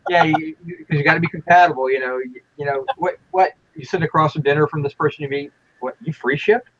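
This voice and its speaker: A man hosting a casual chat show, talking in a relaxed, joking way and often restarting his sentences. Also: fairly high pitch, quick pace, dull audio, slight background noise. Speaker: podcast host.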